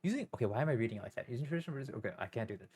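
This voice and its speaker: A man's voice: mid-range voice, expressive, very fast, a little mellow. A young man streaming live, talking casually to himself and his viewers in a nervous, rambling, self-mocking way.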